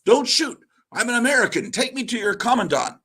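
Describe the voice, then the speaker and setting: A man's voice: very high voice, expressive, fairly quick, pushed and bright, breathy edge, voice pushed up, full character voice. A man voicing an earnest young American comic-book hero, speaking urgently.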